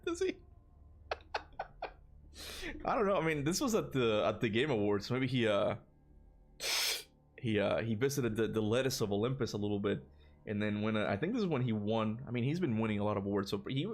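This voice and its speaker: A man hosting a casual gaming livestream, rambling with many fillers and restarts, and laughing often. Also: medium pitch. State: burping after lunch. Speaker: gaming channel host.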